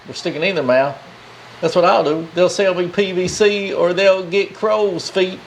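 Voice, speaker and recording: A man's voice: high-pitched, steady tone, normal speed, a little hiss or hum, poor audio. A man voicing a boastful, foul-mouthed male crow puppet that brags and makes threats. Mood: defiant. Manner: brash, bragging, threatening.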